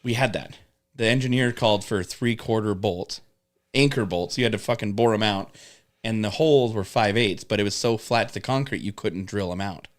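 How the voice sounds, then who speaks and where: A man with a lowish voice talks at a moderate pace, telling rambling work stories in casual chat. He swears often and acts out his coworkers, so it's casual storytelling laced with profanity.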